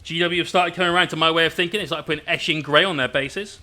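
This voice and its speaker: Man, vivid bright voice, slightly high, joking banter, hobby live stream. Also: fast talker, faint music behind. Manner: explains painting steps as he works. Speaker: miniature painting streamer. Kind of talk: casual live-stream chat while painting.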